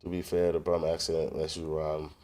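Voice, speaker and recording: A man's voice: very deep voice, monotone, moderate pace, darkish tone. A man chatting casually with viewers on a livestream, loose and profane, reacting to comments between tracks. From northern England. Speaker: livestream host and rapper.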